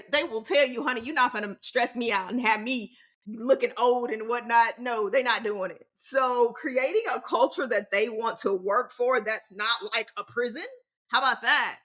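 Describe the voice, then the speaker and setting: Sassy 40s woman hosting her podcast, kinda high bright voice, big swoops, lots of slang. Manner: sassy and animated, big pitch swings; slangy and emphatic. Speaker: podcast host. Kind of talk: casual solo podcast talk.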